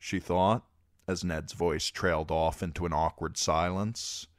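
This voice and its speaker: A man narrating a novel as an amateur audiobook reader, expressive and animated. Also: deep voice, a little slow, no echo, clean studio sound. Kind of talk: storybook narration.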